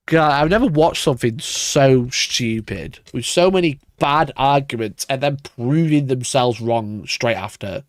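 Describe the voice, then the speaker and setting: A man's voice: mid-range voice, a little slow, few pauses, no room sound, soft background music. A man ranting on a casual livestream, exasperated and sarcastic, swearing often and laughing at himself. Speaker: wargaming YouTuber reacting to a video.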